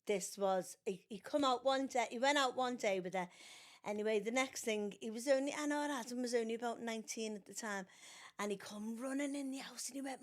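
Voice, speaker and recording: A woman's voice: fairly high pitch, brisk. An older woman, chatting as a podcast guest and telling family stories, acting out the voices of the people in them. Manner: animated storyteller acting out quotes in raised voices. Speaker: podcast guest, mother of the host. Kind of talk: casual storytelling chat.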